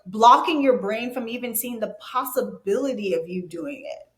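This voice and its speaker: A woman's voice: fairly high pitch, lively intonation, normal speed, echoey room. A woman, a yoga instructor, talking as a podcast guest in a thoughtful way, often restarting her sentences. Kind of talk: casual conversation.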